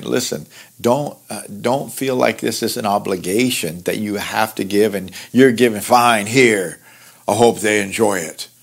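A man teaching through a Bible passage in an earnest, conversational way, explaining verses with lively asides. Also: lowish voice, gravelly. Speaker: pastor teaching Bible study.

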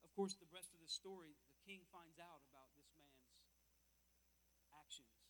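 A man's voice: on the high side, normal speed, slight background noise, low-quality recording. A man preaching a sermon in a church, speaking emphatically and repeating words as he walks about and calls out to his listeners.

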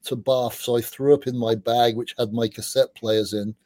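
Here an interview guest, a middle-aged man who writes about music, spins animated, meandering stories and swears casually along the way. He has a mid-range voice, talks at normal speed, and there is no room sound.

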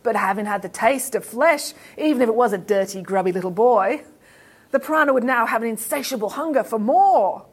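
Give me a dry, wry mother from a children's storybook, as an Australian woman reads her. She speaks matter-of-factly in a slightly high, breathy voice. Her pitch rises and falls a lot. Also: lively intonation, brisk.

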